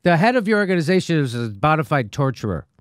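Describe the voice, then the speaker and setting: A man's voice: a little high, big pitch swings, fast, dry recording, clean studio sound, faint music behind. A man hosting a political commentary show, talking in a sarcastic, mocking way. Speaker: show host.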